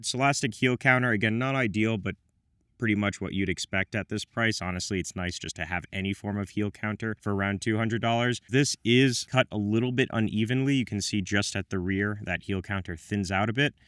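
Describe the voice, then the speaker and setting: A man's voice: fairly low pitch, fairly quick, a bit bright, smooth, dry recording. Dry-voiced man reviewing boots. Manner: wry, self-deprecating asides. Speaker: menswear reviewer. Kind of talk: scripted product review.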